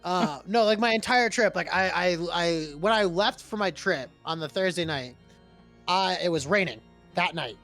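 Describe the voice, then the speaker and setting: Animated high-voiced young man telling stories. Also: normal speed, soft background music. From Massachusetts. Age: 20s. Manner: animated storyteller, swears freely, laughs often. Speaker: stream co-host. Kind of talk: casual chat.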